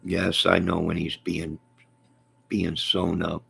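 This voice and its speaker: A man's voice: low-pitched, completely flat delivery, slow, vocal fry, sharp tone, breathy edge. A man hosting a movie and music channel, chatting casually in a rambling, joking way. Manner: joking, repetitive, laughs often.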